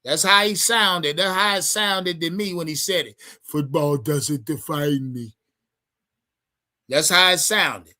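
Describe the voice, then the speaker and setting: A man's voice: sits high, normal speed, sharp tone. A man ranting to his livestream chat about his football team, heated and profane, repeating himself as he talks. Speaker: sports fan streamer. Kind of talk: profane livestream sports rant.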